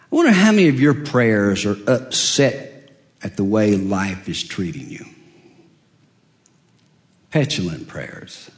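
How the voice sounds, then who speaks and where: A man preaching a sermon, telling the story with acted-out dialogue and humor, moving between soft low asides and raised, emphatic cries. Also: animated, slow, pauses often.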